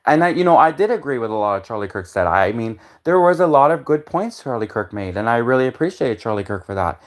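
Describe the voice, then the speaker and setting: A man talks through a casual livestream monologue. His voice sits at an ordinary middle pitch. He circles back on his points, repeating and restarting sentences as he goes. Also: lively intonation, quick pace. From Canada. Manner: rambling, repetitive, many restarts. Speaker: livestream host.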